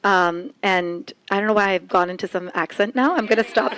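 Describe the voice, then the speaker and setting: A woman's voice: medium pitch, a little fast, hardly any pauses, fairly bright tone. A woman speaking on a conference panel in a chatty, joking way, with frequent laughs and filler words. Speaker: panelist and arts center organizer. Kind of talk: casual panel talk. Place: conference room.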